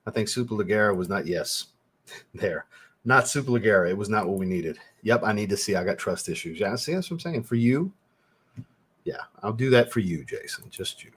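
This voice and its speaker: Brisk and animated, this fragrance channel host talks in a low-leaning, slightly bright voice with a breathy edge. On his livestream he keeps things laid-back with viewers, swearing liberally and laughing a lot.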